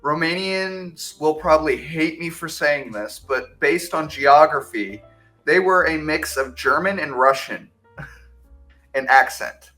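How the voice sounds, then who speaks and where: A man guest in a casual interview with a bright, forceful tone and a slightly raised pitch. He rambles and halts on uh and um, and faint music sits behind him. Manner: rambling, halting with fillers. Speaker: guest, game master.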